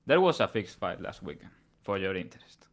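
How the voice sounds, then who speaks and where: A man's voice: low-pitched, big pitch swings, fairly quick. A man co-hosting a betting podcast, talking bluntly in casual chat and ranting with some swearing. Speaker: podcast co-host and bettor.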